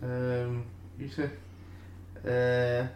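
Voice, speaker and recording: Brief: male contestant, slow and joking, hesitant, reverberant room. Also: mid-range voice, completely flat delivery, a little mellow. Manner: joking, hesitant when thinking. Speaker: game contestant. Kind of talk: casual game banter. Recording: roomy echoey room.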